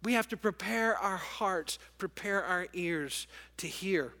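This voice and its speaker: Middle-aged guy preaching in a big church, high bright voice, lively storytelling, long hall reverb. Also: slow pace. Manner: animated storytelling, emotional. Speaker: pastor. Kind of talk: sermon. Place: large church auditorium with congregation.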